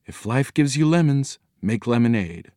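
A man's voice: mid-range voice, lively intonation, moderate pace, warm tone, no echo, clean studio sound, lightly acted. A man voicing a cheery, easily worried man in a storybook reading, with an upbeat, folksy delivery.

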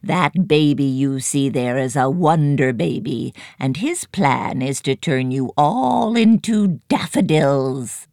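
A woman voicing a crooked old female fortune-teller, croaking and shrill, in a storybook reading. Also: lively intonation, slow pace, hardly any pauses, a little mellow, dry recording, studio quality, heavily acted. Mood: shrieking warning.

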